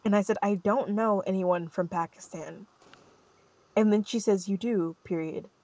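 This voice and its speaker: A young adult woman hosting a podcast, telling a story in an animated, rambling way full of fillers. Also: mid-range voice, normal speed. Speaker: podcast host. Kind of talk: casual storytelling chat.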